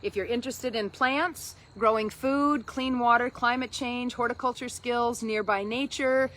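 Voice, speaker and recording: A woman's voice: fairly high pitch, steady tone, a little slow, fairly bright tone, poor audio. A woman co-hosting a gardening show, talking casually and with enthusiasm. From Minnesota. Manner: enthusiastic, playful. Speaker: co-host, master gardener. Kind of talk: casual educational chat. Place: outdoor garden. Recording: outdoor recording with background noise.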